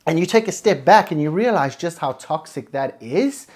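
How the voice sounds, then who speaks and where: A man's voice: fairly high pitch, expressive, moderate pace, darkish tone. A man hosting a podcast, giving a blunt, emphatic motivational monologue full of swearing. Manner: blunt, heavily profane, emphatic. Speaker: podcast host.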